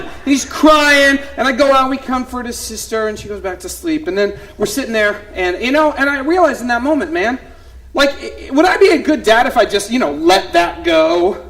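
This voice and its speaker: A man in his thirties, a preacher telling a humorous family story in a sermon, animated, swinging from hushed asides to loud punchlines. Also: very high-pitched, a little fast, rough recording.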